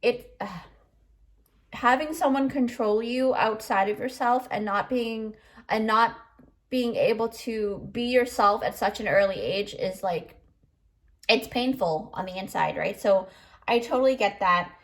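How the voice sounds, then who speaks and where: A woman's voice: mid-range voice, a little slow. A woman giving a pick-a-card tarot reading in a chatty, emotional way, full of fillers, and choked up. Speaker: tarot reader.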